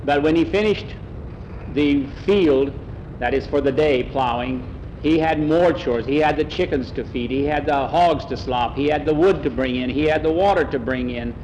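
A man's voice: on the high side, normal speed, a little mellow, slight background noise, low-quality recording. A man telling a story aloud in a plain, folksy way, often repeating "he says". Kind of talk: oral storytelling.

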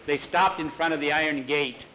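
A man with a slightly raised pitch retells a spooky tale in his own words, pausing and correcting himself now and then. A faint hiss sits behind his voice. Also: fairly even intonation, pushed and bright, low-quality recording. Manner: unscripted retelling with restarts, lifts pitch for scared boys. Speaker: storyteller. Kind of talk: spoken storytelling, voicing characters.

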